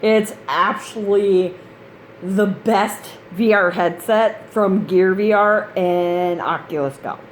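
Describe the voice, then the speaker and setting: A woman's voice: medium pitch, slow, slight background noise. A woman, a mother of grown kids, chatting in a rambling, casual vlog style about gaming gear, laughing often. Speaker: gaming channel host.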